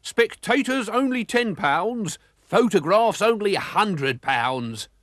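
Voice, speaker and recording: A man's voice: high-pitched, expressive, slow pace, fairly bright tone, dry recording, clean studio sound, pitched above the performer's own voice, full character voice. A man voicing a rude male crook who snarls and jeers. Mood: snarling. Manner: snarling, jeering.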